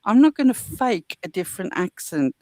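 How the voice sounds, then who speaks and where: A woman's voice: mid-range voice, sing-song, normal speed, a little mellow, dry recording. Sarcastic woman with a Midlands accent. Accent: Midlands English, slightly softened. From English Midlands. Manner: dry, sarcastic, mock-indignant. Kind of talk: casual podcast chat.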